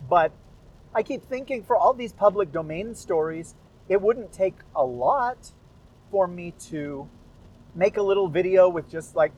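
A man's voice: a little high, a little mellow, a little hiss or hum, low-quality recording. A man talking casually about his narration work, rambling with self-deprecating asides. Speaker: podcast narrator of public domain stories. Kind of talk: casual chat after a reading.

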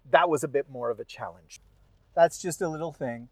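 A man's voice: on the high side, brisk, no room sound, low-quality recording. A man talking casually about his narration work, rambling with self-deprecating asides. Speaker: podcast narrator of public domain stories. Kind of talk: casual chat after a reading.

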